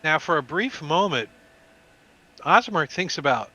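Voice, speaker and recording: A man narrating as dungeon master, animated and throwing in sound effects. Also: on the high side, a little slow, slight background noise. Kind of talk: narrating a tabletop game.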